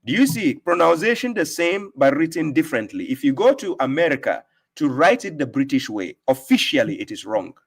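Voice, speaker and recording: A man's voice: a little high, big pitch swings, fairly quick. A man hosting a live stream who speaks emphatically and lectures, often putting rhetorical questions to his listener. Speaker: host giving talks on religion. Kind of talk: casual debate on a live stream.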